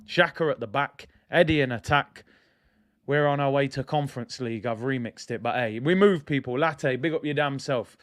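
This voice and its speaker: A man's voice: medium pitch, normal speed. A young man hosting a fan channel, ranting in casual slangy commentary. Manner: animated, slangy, ranting with laughs. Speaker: football fan channel host.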